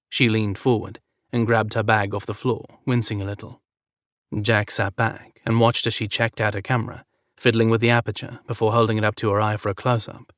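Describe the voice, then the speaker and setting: A man reading a romance story aloud as narrator in an even, measured way. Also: lowish voice, no echo, clean studio sound.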